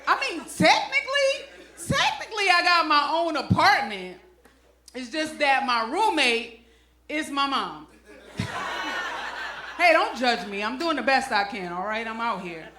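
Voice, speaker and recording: A high, bright-voiced woman works a comedy club stage, swinging her pitch all over as she throws slang and asides to the crowd. She is middle-aged, and her punchy stand-up delivery rings in a roomy club with faint noise behind it. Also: sing-song, a little slow, pauses often. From Brooklyn, New York.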